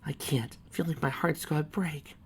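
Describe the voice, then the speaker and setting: A woman voicing an emotional, soft-hearted pegasus mare who speaks in a strained, quiet way. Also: a bass voice, sing-song, quick pace, gravelly, slight background noise, exaggerated voice. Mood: heartbroken.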